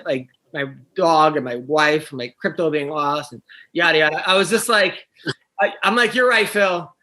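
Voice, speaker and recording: High, bright-voiced man rambling on a podcast. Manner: rambling, restarts, animated when annoyed. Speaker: podcast co-host; wrestling coach. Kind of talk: casual podcast chat.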